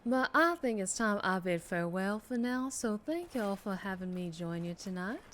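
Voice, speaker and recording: A woman voicing a relaxed, kind and humble Southern woman, breathy and lackadaisical, with a Southern US accent. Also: medium pitch, normal speed, lightly acted. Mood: gentle.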